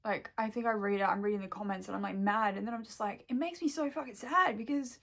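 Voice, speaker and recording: A woman's voice: medium pitch, fast, vocal fry, fairly bright tone. A woman venting to camera in a rambling, upset way, full of fillers and swearing. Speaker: vlogger. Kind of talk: casual emotional vent to camera.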